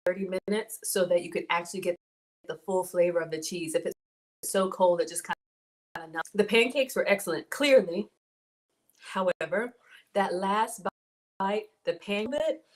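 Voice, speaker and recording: A woman with a Southern US accent, chatting casually with her viewers as a home cook livestreamer. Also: mid-range voice. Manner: chatty, addresses viewers as y'all.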